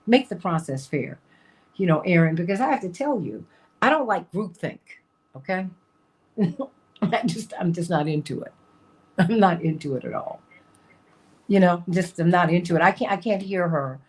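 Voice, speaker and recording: A woman's voice: fairly low pitch, lively intonation, moderate pace, pauses often, breathy edge. A woman hosting a talk show, talking casually and emphatically, repeating her points and laughing often.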